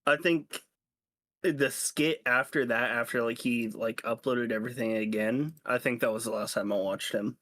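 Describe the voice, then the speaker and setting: A young man co-hosting a casual podcast, blunt and profane and quick to dismiss complaints. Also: medium pitch, fairly even intonation, fairly bright tone. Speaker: podcast co-host.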